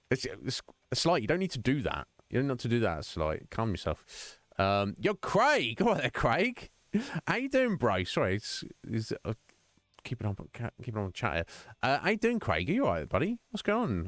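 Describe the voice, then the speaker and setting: A man with a lowish, fairly bright voice and no echo streams live, chatting casually and cracking jokes with his viewers. His talk rambles, and he addresses viewers by name.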